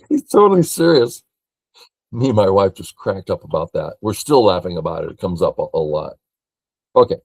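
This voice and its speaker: An older man from California walks through a board game as a teacher, thinking aloud in a matter-of-fact way. His voice sits somewhat low and he talks very slowly. The sound is dry and close. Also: vocal fry, a little mellow, dry recording. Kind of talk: game review lesson.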